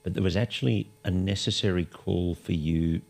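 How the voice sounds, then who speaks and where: A man's voice: low-pitched, fairly even intonation, moderate pace, vocal fry, a little mellow. A man hosting a conversational interview, speaking candidly and asking probing questions. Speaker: podcast host.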